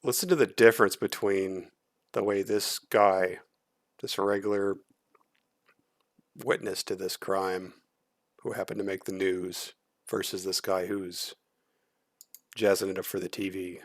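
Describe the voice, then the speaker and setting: A man's voice: low-pitched, steady tone, a little slow, long pauses, dry recording, studio quality. A man streaming casual reaction commentary, blunt and critical, swearing freely.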